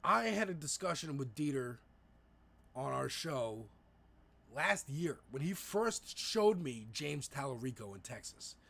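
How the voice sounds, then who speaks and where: A man's voice: mid-range voice, very animated, measured pace, creaky, a bit bright, breathy edge. A man co-hosting a casual political livestream, talking in a profane, rambling way with frequent restarts. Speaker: livestream co-host. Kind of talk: casual political talk stream.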